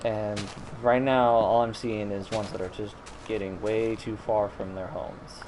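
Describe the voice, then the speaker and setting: A man's voice: lowish voice, flat delivery, a little slow, darkish tone, a little hiss or hum, low-quality recording. Rambling man narrating his gameplay. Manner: rambling, self-correcting, mildly exasperated. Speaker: gaming streamer. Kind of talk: casual gameplay commentary.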